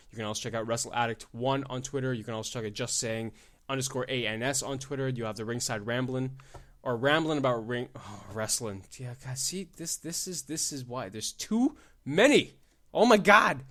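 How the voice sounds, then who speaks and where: A young man hosting a solo podcast, excitable and profane, swinging between loud outbursts and low muttering and laughing at his own jokes. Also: brisk. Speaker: podcast host. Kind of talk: casual solo podcast rant.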